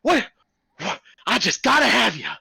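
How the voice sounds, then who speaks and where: A man's voice: very high voice, sing-song, vocal fry, sharp tone, breathy edge, dry recording, pitched above the performer's own voice, full character voice, low-quality recording. A man voicing a short, fat circus ringleader who talks like a pushy, eager showman in a tabletop game. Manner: fast-talking, wheedling salesman patter.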